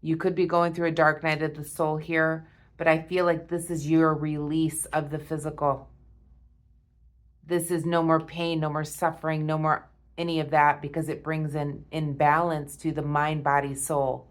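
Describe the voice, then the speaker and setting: Awestruck low-voiced woman tarot reader. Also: little pitch movement, normal speed. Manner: awed, emotional, repeats herself, frequent breathy "wow"s. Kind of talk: spiritual tarot reading spoken to viewers.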